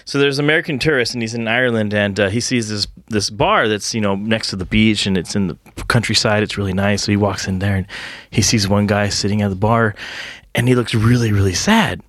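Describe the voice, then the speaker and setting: A man's voice: fairly low pitch, steady tone, brisk, a bit bright, dry recording, studio quality. A man co-hosting a podcast and telling a joke, starting hesitantly with many fillers. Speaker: podcast co-host. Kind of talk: casual storytelling.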